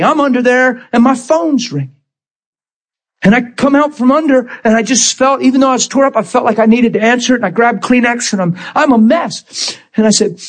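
High-voiced man preaching with dramatic fervor. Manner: emphatic, dramatic retelling with sudden loud bursts. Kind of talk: sermon storytelling.

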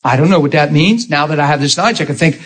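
A man preaching a sermon to a congregation, telling a story with animated delivery and loud laughing outbursts. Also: fairly high pitch, fast talker, breathy edge.

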